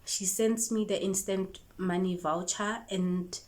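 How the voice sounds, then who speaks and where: A woman with a South African accent, a YouTuber and make-up artist telling a storytime vlog in a lively way, acting out the conversations she recounts. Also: medium pitch, slow pace.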